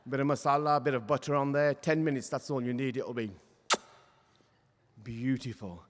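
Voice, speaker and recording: A man's voice: medium pitch, fairly even intonation, normal speed, natural voice. A man voicing a fawning, helpful male fox who chats about cooking. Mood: chatty. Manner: gushing, chatty. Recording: reverberant hall.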